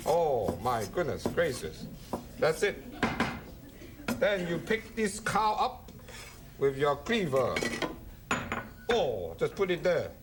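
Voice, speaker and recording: Brief: high-pitched, bouncy male cooking host, playful and jokey, clear kitchen clatter. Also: huge pitch swings, takes it slowly, long pauses. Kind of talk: cooking demonstration. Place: studio kitchen. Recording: kitchen clatter and chopping noise.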